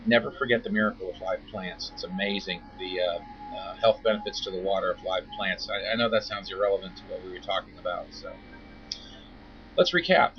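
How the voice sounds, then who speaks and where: A man giving an informal talk as a koi veterinarian, chatty and wry, acting out mock quotes. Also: low voice. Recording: dull lo-fi recording with faint noise.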